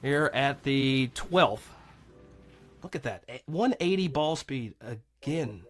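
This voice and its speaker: A man doing live golf commentary, chatty and excitable, cracking jokes with his co-host. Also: mid-range voice, slow pace.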